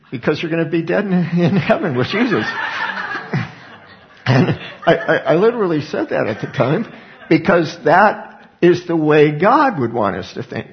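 Gravelly-voiced male preacher, lo-fi recording. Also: a little high. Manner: conversational preaching with repeated word restarts. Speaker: pastor. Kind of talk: sermon. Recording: dull lo-fi recording.

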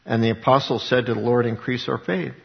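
A man's voice: mid-range voice, fairly even intonation, fairly quick, gravelly, in a large hall, dull audio. A man preaching a sermon, reading scripture aloud and then explaining it in a conversational way with rhetorical questions. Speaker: pastor.

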